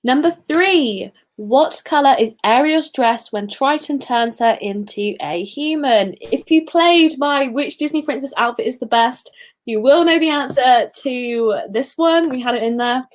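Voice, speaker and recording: A woman's voice: sits high, unhurried. A young woman hosting a casual livestream quiz, chatty and giggly with self-deprecating asides. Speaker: quiz host.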